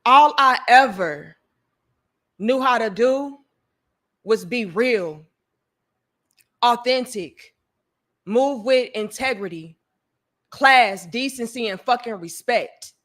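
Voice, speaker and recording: A woman vlogger airs her grievances to the camera slowly, leaving long pauses, her voice a little high and a bit bright. Addressing viewers as "y'all," she's blunt, profane and openly emotional.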